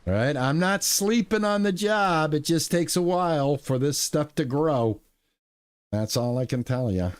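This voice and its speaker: A man's voice: fairly high pitch, animated, a little slow, smooth. Rambling, playful male game streamer. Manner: rambling, playful, with goofy exclamations. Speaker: streamer playing a video game. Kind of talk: casual gameplay commentary.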